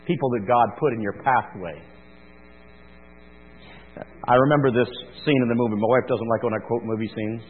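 A man's voice: mid-range voice, moderate pace, pauses often, husky. A male pastor preaching a sermon in a folksy, conversational storytelling manner. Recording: thin phone-like sound in a reverberant hall with mains hum.

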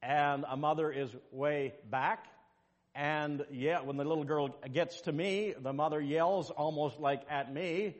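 A male pastor preaching a sermon and telling a personal story, swinging between quiet asides and loud, high-pitched exclamations. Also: moderate pace. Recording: long hall reverb.

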